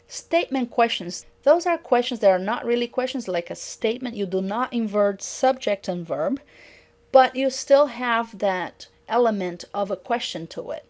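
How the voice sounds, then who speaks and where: A woman's voice: medium pitch, lively intonation, a little mellow. Woman lecturing on intonation. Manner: reads example sentences slowly and clearly. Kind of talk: recorded lecture on pronunciation.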